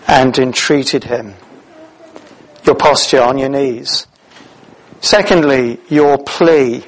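A middle-aged man preaching a sermon, telling the story in a lively way with many "uh"s and restarts. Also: mid-range voice, low-quality recording. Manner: animated storytelling with many fillers.

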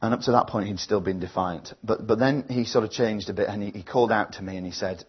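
A man's voice: lowish voice, fast, hardly any pauses, slightly rough, dull audio. A man preaching a sermon, telling a family story in an earnest, reflective way before leading a prayer.

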